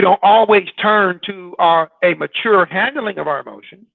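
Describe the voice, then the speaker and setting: High, gravelly man on a tinny line. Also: normal speed, few pauses, no echo. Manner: conversational, poses rhetorical questions to listeners. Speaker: broadcast host. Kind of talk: informal broadcast talk. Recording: dry, tinny phone-like sound.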